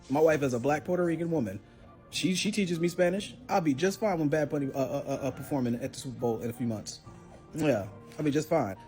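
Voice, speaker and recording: Fast-talking, teasing man. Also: a little high, a little mellow, soft background music. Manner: joking, teasing. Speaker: commentator. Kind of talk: opinion video.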